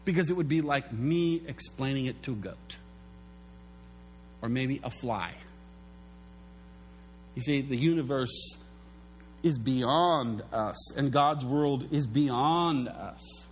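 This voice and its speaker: A man preaching a sermon as pastor, telling stories in an animated way and acting out the quotes. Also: mid-range voice, takes it slowly, long pauses, a little hiss or hum. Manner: animated storytelling, acts out quotes.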